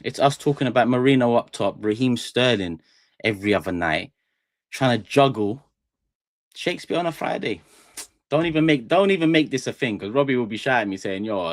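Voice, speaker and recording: Low, dry-voiced man rambling on a live stream. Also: dry recording. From England. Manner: rambling, jokey, talks straight to chat. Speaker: fan channel live stream host. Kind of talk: casual live stream chat. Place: small studio room.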